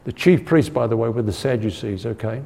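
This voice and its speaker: A man's voice: mid-range voice, fairly quick, gravelly, warm tone. Man preaching a Bible study in a reverberant hall. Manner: earnest, asks the audience for agreement, repeats words while thinking. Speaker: Bible teacher. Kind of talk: conversational Bible-study sermon.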